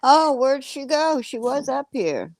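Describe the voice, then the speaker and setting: A woman from Texas with a Texas accent, co-hosting a casual talk show in an easygoing, relaxed way. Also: high-pitched, unhurried, gravelly, no echo. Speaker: podcast co-host. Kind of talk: casual chat.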